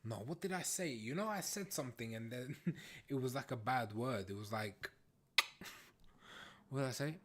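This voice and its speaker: A man hosting a casual livestream, chatting with viewers in a playful, teasing way and often breaking into loud exclamations. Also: mid-range voice, a little slow. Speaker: livestream host. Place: home, in the UK.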